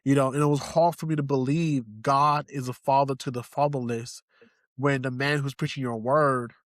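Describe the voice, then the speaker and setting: A man's voice: medium pitch, steady tone, normal speed, fairly bright tone, no room sound, studio quality. A young man from Haiti, a podcast guest, giving an earnest, emotional personal testimony and repeating phrases for emphasis. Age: young adult.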